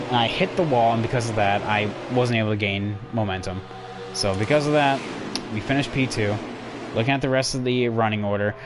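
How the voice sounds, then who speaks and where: A man's voice: mid-range voice, rough recording. A young man commenting on a racing game replay for his stream, rambling and self-deprecating as he talks to his chat. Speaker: gaming streamer.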